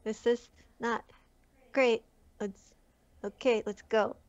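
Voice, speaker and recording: A woman's voice: on the high side, fairly even intonation, slow, dry recording, highs cut off. A woman playing a tabletop game, anxious and insistent. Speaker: player. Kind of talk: casual tabletop play.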